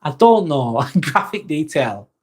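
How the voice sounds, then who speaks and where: A man's voice: on the high side, sing-song, slow pace, breathy edge. An English man hosting a casual live chat, reading out viewer comments and answering them in a blunt, jokey way, swearing freely and chuckling often. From England. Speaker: live stream host.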